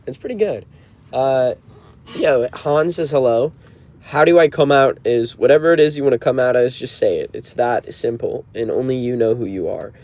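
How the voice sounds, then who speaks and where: A man's voice: medium pitch, moderate pace, a little mellow. A man in his twenties in a car, chatting casually on a livestream and answering viewer comments. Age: 20s. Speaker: band member hosting a livestream.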